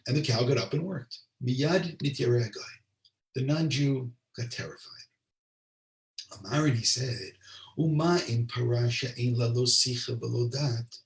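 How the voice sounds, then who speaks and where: A man, a rabbi, telling a story in a Torah class, translating Hebrew line by line into English with asides to his listeners. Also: mid-range voice. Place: lives in Israel. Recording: roomy sound, distant mic.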